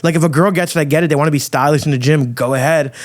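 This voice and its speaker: A man hosting a podcast, delivering a loud, crude, provocative rant full of swearing. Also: on the high side, steady tone, very fast. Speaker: podcast host. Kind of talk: ranting monologue.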